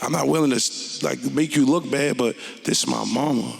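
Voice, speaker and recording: A man, a rapper telling his story onstage in a blunt, profane and animated way. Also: mid-range voice, fairly quick, creaky, in a large hall. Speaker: interview guest, rapper. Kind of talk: candid onstage conversation.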